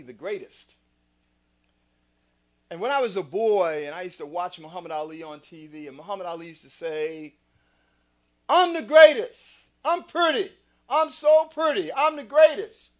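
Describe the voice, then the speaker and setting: A male host giving a motivational talk in a preacher-like way, with rhetorical questions and scripture. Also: high voice. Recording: dull lo-fi sound.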